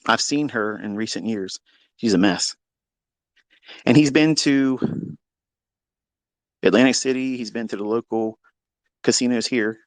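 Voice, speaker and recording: A man hosting a live audio chat, telling a long story in a profane, mocking, animated way. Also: mid-range voice, a little slow, pauses often, no room sound. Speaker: Twitter Space host. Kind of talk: casual storytelling rant. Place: lives in Maryland.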